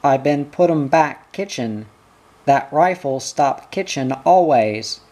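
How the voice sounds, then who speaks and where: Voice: medium pitch, lively intonation, dark tone. A reader voicing a frightened, pleading stockman. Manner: broken outback English, halting and pleading. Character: frightened male outback stockman accused of murder.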